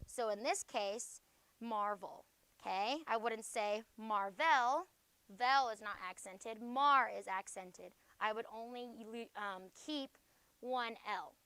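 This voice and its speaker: A woman's voice: a little high, fairly bright tone, smooth, dry recording. Woman teacher checking "okay?" constantly. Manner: checks in with "okay?" after nearly every phrase. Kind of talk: classroom spelling lesson. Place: classroom.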